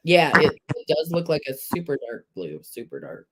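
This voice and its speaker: A woman's voice: low voice, big pitch swings, normal speed, crowd noise, low-quality recording. A woman hosting a casual trivia livestream, reading out questions, spelling words and laughing at her own slips. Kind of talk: casual chat.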